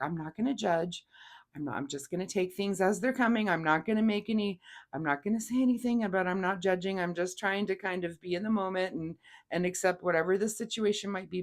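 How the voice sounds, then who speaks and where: A woman giving a casual weekly tarot reading, gentle and rambling with many fillers. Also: on the low side. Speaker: tarot reader.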